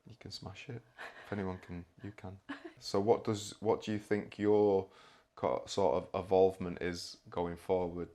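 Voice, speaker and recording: A man hosting a podcast, relaxed and jokey, asking questions and backing up his guest. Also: deep voice, a little slow, few pauses. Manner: relaxed, jokey, frequent backchannel. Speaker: podcast host. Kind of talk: casual interview.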